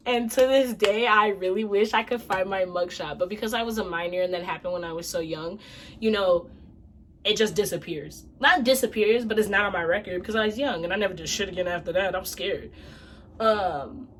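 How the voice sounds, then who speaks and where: A woman vlogger telling a casual storytime tale in an animated, slangy, expressive way. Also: medium pitch, slight background noise.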